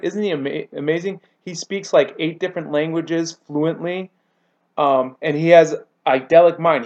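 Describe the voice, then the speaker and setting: Grappling coach guy rambling stories, bit high voice, muffled lo-fi sound. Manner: animated storyteller, acts out quotes with big pitch jumps. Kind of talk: casual podcast chat.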